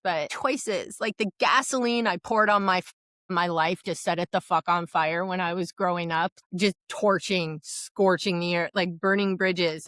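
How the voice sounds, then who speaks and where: A woman's voice: lowish voice, fairly bright tone, no room sound. A middle-aged woman co-hosting a podcast, talking frankly and with a lot of swearing in casual chat. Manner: frank, profane, self-deprecating. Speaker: podcast co-host.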